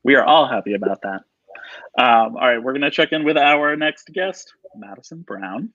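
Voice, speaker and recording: A man hosting a live video interview, upbeat and quick to laugh. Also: mid-range voice, lively intonation, a bit bright, dry recording. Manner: upbeat, giggly. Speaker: interview host. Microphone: video call. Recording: dull lo-fi video call audio.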